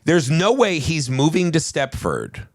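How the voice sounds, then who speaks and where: Animated, sweary male podcast host. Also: on the high side, a little slow, no room sound, clean studio sound. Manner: animated, profane storytelling. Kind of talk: casual movie podcast chat.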